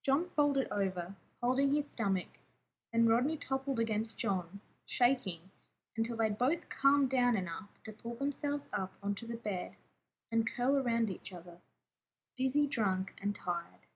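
A woman reading fiction aloud in a steady, even narrating voice. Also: on the high side, unhurried, a little hiss or hum.

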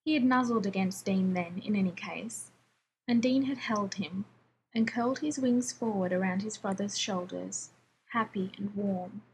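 Woman reading a story aloud, measured. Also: medium pitch, a little mellow, slight background noise, low-quality recording. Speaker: reader. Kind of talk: scripted story narration.

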